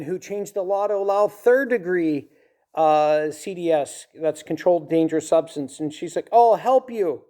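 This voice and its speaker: A man's voice: high-pitched, a little mellow. A man speaking in a personal vlog monologue from a large warehouse, frustrated and growing insistent. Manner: frustrated, rising and insistent when aggrieved. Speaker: vlogger telling his own story.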